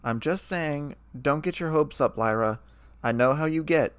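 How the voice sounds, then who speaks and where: A man's voice: fairly high pitch, moderate pace, clean tone, no room sound, pitched above the performer's own voice, close to an everyday voice. A man voicing a cautious young female earth pony who speaks in a skeptical, guarded way. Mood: wary.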